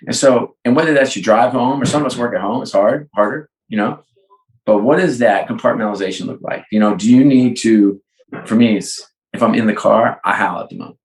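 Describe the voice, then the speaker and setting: A man guesting on a podcast, telling animated stories and acting out both sides of the dialogues. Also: fairly low pitch, brisk, reverberant, low-quality recording. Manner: energetic storyteller, acts out both sides of dialogues. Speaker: guest, sports and entertainment executive. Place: home.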